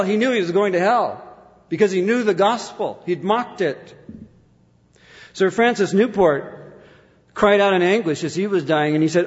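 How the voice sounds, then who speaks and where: A man preaching a sermon with fervor, swinging between loud declaiming and hushed intensity. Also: sits high, lively intonation, normal speed. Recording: dull lo-fi sound with long hall reverb.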